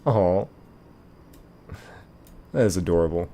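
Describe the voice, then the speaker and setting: A man's voice: low voice, slow pace, warm tone. A man hosting a live stream in casual chat, reading viewer comments aloud and answering them in a rambling way, full of filler "like"s.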